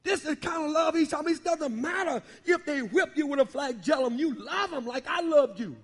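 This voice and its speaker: A male pastor preaches in a church sanctuary, talking in a colloquial, animated way and teasing his congregation. His voice is very high for a man. The sound rings with a long hall reverb. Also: brisk. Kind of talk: sermon.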